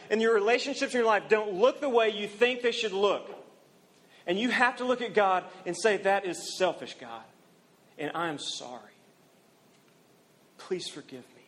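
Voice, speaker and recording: Young guy preaching, pretty high voice, gets loud then drops real soft. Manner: earnest, rises loud for emphasis then drops very quiet. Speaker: campus minister. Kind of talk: sermon.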